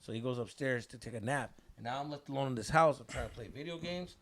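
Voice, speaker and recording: A man's voice: medium pitch, quick pace, a bit bright. A man in his thirties telling a wild story on a casual podcast, slangy, swearing often and mixing in Spanish words.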